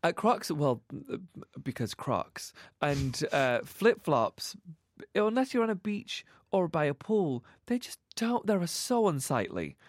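A man's voice: a little high, big pitch swings, slow, no room sound, clean studio sound. A man giving a radio interview as a fashion guest, talking emphatically with many fillers. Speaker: guest, fashion expert and author. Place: radio studio. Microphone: studio microphone.

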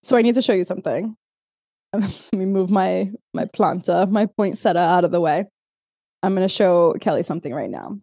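A woman co-hosting a podcast, chatting casually. She swears freely and breaks into laughter. Her voice is mellow and relaxed, and it sits dry and close on the mic. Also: lowish voice, moderate pace, creaky, no room sound. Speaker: podcast co-host. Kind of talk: casual chat.

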